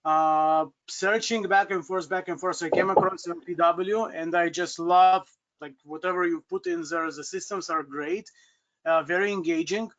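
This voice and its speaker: A man calls in to ask his question, hesitant and full of fillers. His voice sits high and bright, and the call audio is dull and lo-fi. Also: steady tone, moderate pace. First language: Russian. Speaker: caller, new business coach.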